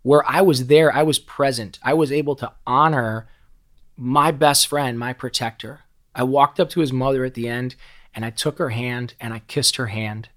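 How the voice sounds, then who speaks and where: A man's voice: medium pitch, steady tone, normal speed, fairly bright tone. Candid, profane middle-aged man telling stories. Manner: emotional, swears freely, restarts and repeats words. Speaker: podcast guest. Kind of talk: candid conversational storytelling.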